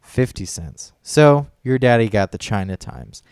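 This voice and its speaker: A man's voice: fairly low pitch, lively intonation, a little slow, a little mellow, smooth, no echo, clean studio sound. A man telling a story in casual chat as a podcast co-host, rambling and profane, full of fillers and restarts.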